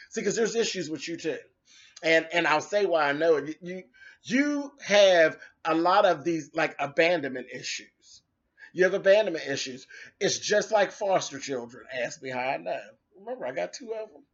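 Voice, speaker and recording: Sassy high-voiced man ranting, lo-fi. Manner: sassy, cutting, dramatic asides. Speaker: commentator. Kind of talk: casual rant video. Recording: dull lo-fi recording.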